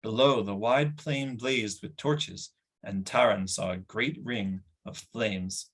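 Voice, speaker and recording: A man reading a fantasy novel aloud in an even, steady way. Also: lowish voice, takes it slowly, slightly rough. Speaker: audiobook reader.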